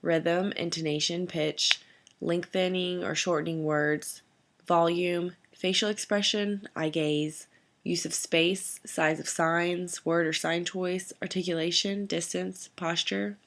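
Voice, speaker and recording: A woman narrates a scripted lesson in a fairly low voice with a gravelly edge of fry. She is an instructor who reads through lists of terms in a steady, measured way.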